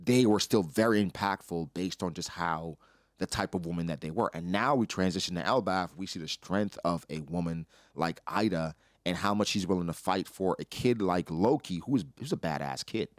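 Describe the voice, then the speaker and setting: A man's voice: sits low, normal speed, no echo, studio quality. A young man hosting casual commentary, breaking down a comic chapter and acting out character lines in his own voice. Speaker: anime reaction host.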